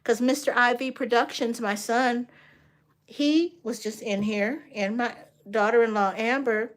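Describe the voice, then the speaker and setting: An older woman, a grandmother and art instructor, chatting casually on a livestream, talking to viewers by name and retelling stories with lively energy. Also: fairly high pitch, a little slow.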